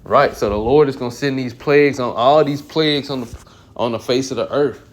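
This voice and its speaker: Man reading scripture, then explaining casually. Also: mid-range voice. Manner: reads verses aloud, then explains them in loose everyday slang; slow and deliberate when reading scripture. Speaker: Bible teacher.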